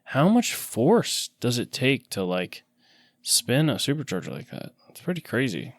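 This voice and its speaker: A man's voice: mid-range voice, big pitch swings, a little slow, no room sound, clean studio sound. A man co-hosting a podcast, chatting casually and explaining movie scenes and car engine details. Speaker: podcast co-host. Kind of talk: casual chat.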